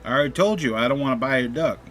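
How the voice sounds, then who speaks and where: A man's voice: medium pitch, rapid-fire, fairly bright tone, a little hiss or hum, close to an everyday voice. A man playing a grudging cornered man. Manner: grudging, exasperated. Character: trapped, cornered man in closet.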